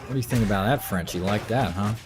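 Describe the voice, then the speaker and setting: While streaming a game, this American guy talks casually with his live audience, wandering off topic and using lots of fillers. He speaks quickly in a lowish voice, and steady noise runs in the background.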